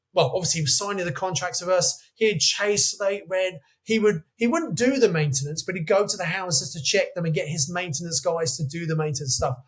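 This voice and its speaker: A man in his fifties, a podcast guest telling animated anecdotes in a chatty way. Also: high voice. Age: 50s. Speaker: guest, property investor. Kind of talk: podcast interview storytelling.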